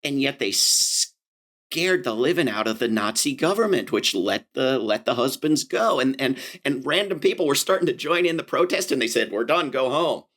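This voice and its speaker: A man speaking as an interview guest, talking with passion, starting over often and acting out quoted voices, with a mid-pitched voice. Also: moderate pace. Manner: animated and impassioned, many fillers and restarts, acts out quoted voices. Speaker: interview guest, anti-war activist. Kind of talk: conversational interview.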